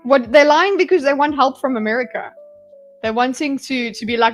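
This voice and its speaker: A woman's voice: high voice, moderate pace, soft background music, rough recording. A woman hosting a livestream, giving rambling, sarcastic reaction commentary and chatting with viewers. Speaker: livestream host.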